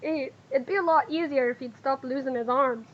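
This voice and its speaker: High, stuffy-voiced woman narrating play. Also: brisk. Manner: rambling, filler-heavy. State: congested from a cold. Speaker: tabletop game player. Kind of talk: casual role-play narration. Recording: dull lo-fi audio.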